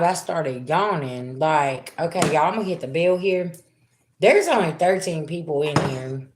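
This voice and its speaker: A woman's voice: sits low, animated, a little slow. A woman giving a live-streamed tarot reading, talking loosely and chattily straight to her viewers. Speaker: tarot reader. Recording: roomy echo with faint background noise.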